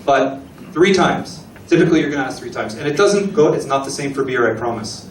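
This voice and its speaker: A man gives a relaxed talk to a live audience, pausing to ask questions and act out small exchanges. His voice sits at an average pitch and is picked up from across a reverberant room, with faint ambience underneath. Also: background noise. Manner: chatty, asks the audience questions, acts out little dialogues. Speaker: guest speaker at an embassy talk. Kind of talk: lecture presentation to an audience. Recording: echoey room recording from a distance.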